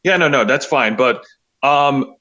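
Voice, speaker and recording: Man, bright forceful voice, fairly high, muffled lo-fi sound, easygoing livestream co-host. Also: lively intonation, a little slow. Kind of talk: casual livestream chat.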